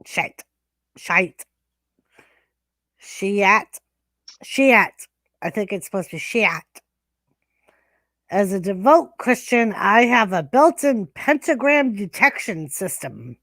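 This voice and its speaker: Woman, livestream host, casual chat, crude teasing, slow talker, dry close sound. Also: mid-range voice, very animated, a bit bright, dry recording. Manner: crude, teasing, laughs often.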